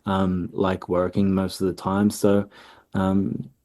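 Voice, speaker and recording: Relaxed man, low mellow voice. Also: slow. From Australia. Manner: relaxed, easygoing, frequent ums and laughs. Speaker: musician guest. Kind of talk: casual interview answers.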